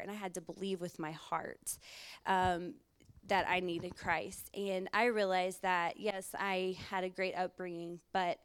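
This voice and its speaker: A woman's voice: mid-range voice, clean tone. A woman giving a personal testimony to a youth retreat, telling it conversationally and acting out her own past thoughts.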